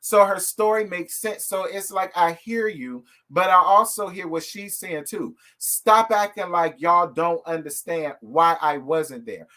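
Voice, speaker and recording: A man with a slightly high-pitched voice hosts a live review from his home. He talks in an animated, sassy, gossipy way and keeps calling his viewers y'all and girl. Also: unhurried, few pauses. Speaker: host of a reality TV live review show. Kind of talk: casual live commentary.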